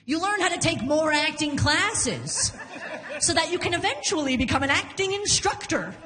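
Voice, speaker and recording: High-voiced woman doing stand-up. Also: moderate pace, in a large hall, crowd noise. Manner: animated, laughs through punchlines, jumps into character voices. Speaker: stand-up comedian. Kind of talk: stand-up comedy set. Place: comedy club stage.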